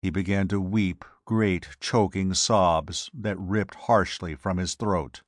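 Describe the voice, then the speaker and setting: A male audiobook narrator with a low voice and a slow, measured, dramatic delivery. The recording is dry and close, with no room sound. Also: steady tone, dry recording.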